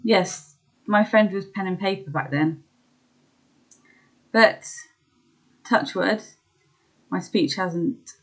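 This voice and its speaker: A young woman talking candidly about her own experiences, hesitant with many pauses and ums, laughing at herself at times. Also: lowish voice, rough recording. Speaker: vlogger sharing her illness experience. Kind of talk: candid personal chat.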